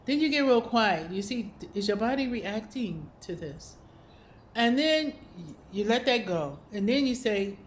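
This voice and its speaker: A woman's voice: medium pitch, lively intonation, measured pace, slight background noise. A woman hosting a spiritual video series, telling a personal story in a casual, reflective way with many fillers and small laughs.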